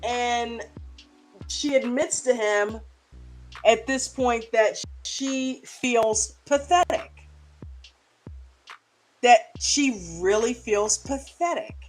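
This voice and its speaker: Woman, high voice, recap host, indignant and profane, faint music underneath. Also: drawn-out words, pauses often. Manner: passionate, indignant, swears freely. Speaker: reality show recap host. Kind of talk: reaction recap commentary.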